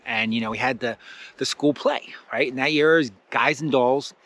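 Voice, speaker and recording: A young adult man hosting a casual spiritual self-help talk, enthusiastic and rambling, full of fillers and excited exclamations. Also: mid-range voice, normal speed.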